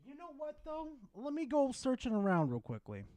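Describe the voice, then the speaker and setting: High-voiced excitable male streamer. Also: normal speed, no room sound. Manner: excitable, swears a lot, talks to chat. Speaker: streamer host. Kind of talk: casual live-stream chat.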